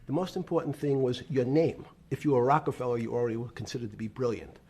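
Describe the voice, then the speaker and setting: Brief: older man with a husky, dark voice telling slow business anecdotes. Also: mid-range voice, fairly even intonation. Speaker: interviewee in a played clip. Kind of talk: reminiscing storytelling.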